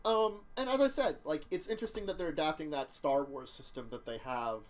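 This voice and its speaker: Rambling man with a higher voice. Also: fairly quick. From near Philadelphia. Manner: rambling, self-correcting, laughs often. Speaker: show host. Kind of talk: casual podcast chat.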